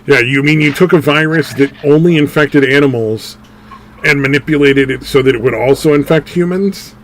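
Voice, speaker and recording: Male podcast co-host, swearing and animated, light background hiss. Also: a little high, moderate pace. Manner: animated, swearing, laughing at own jokes. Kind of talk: casual profane chat.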